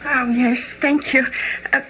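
A woman's voice: high voice, little pitch movement, slow pace, slight background noise. An actress playing a timid, poor young working-class woman with startled, wondering, ungrammatical speech, in old-time radio acting. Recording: dull old radio recording.

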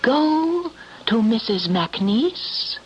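An actress playing a commanding, taunting thief-queen spirit in an old radio drama, speaking slowly and hypnotically with whispered asides. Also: on the high side, big pitch swings, a little hiss or hum, heavily acted. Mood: menacing. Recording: dull lo-fi old radio recording.

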